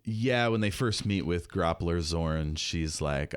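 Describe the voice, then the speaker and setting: Deep-voiced joking man, dry close mic. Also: smooth, no echo. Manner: joking, chatty, quick to laugh. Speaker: podcast host. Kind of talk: casual chat.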